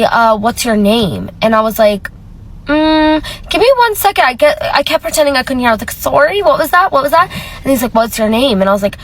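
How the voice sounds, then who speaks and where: A woman's voice: fairly high pitch, a little hiss or hum, rough recording. A woman working retail, telling a story in a casual, chatty way and acting out the dialogue. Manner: chatty, animated quoting of dialogue. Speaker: retail cashier.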